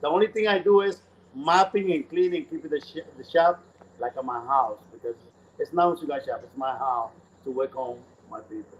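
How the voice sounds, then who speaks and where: A man's voice: a little high, fairly quick, highs cut off, slight background noise. A man who owns a cigar lounge, talking in a casual interview and telling stories animatedly in broken English.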